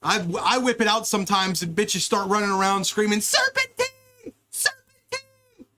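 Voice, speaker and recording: High-voiced man telling crude tales. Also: a little fast, background noise. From United States. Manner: animated, crude, jumps between wild tangents. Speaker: podcast host. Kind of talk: rambling comedic storytelling.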